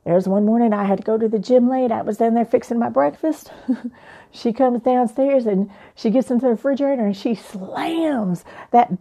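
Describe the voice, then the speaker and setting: Young woman life coach telling her story, mellow voice, animated and playful. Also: fairly high pitch, moderate pace. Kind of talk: personal storytelling monologue.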